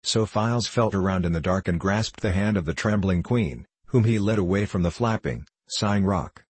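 A man reading a fairy tale aloud in a steady, measured storytelling voice. His voice is very low and husky, and the recording is close and dry with no room sound. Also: no echo. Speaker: narrator.

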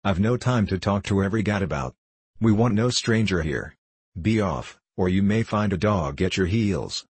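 A man voicing a fierce, blustering elderly male horse trainer in an audiobook reading, speaking gruffly. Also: low voice, animated, moderate pace, dry recording, exaggerated voice.

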